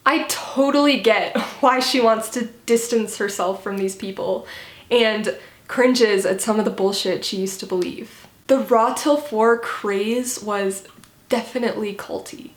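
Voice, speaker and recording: A woman's voice: medium pitch, unhurried, roomy sound, faint music behind. A woman delivering a critical, sarcastic video commentary. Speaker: commentary vlogger.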